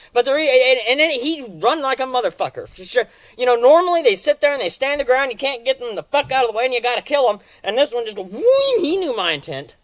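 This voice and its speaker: A woman filming a vlog outdoors by a house deck on a handheld phone, excitable and swearing, talking to a snake and her cats. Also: fairly high pitch. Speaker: vlogger.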